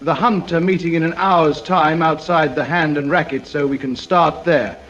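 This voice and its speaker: A man voicing a pompous, self-pitying suburban gent who is quick to get indignant, in an AI-voiced comedy sketch. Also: on the high side, steady tone, fairly bright tone, muffled recording.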